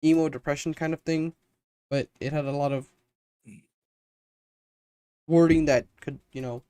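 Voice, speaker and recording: A man's voice: a little high, steady tone, unhurried, dark tone, smooth, no echo. A young man co-hosting a podcast, telling a long story in a rambling casual way and acting out his friends' lines. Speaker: podcast co-host.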